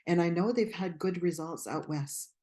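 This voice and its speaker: A woman from Canada, a guest speaking earnestly and fervently about her own journey, with some halting restarts. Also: on the low side, dark tone. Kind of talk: personal testimony in interview.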